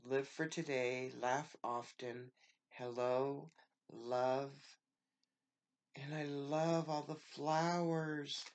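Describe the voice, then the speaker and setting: A woman's voice: deep voice, slight background noise. A woman from the United States, a craft vlogger, opening a package in a casual show-and-tell and gushing with thanks over every piece.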